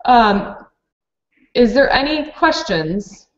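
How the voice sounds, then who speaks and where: A woman's voice: a little high, very animated, slow. A woman presenting a teacher webinar, practical and matter-of-fact, with many fillers. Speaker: preschool program director presenting to teachers. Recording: dull lo-fi webinar audio.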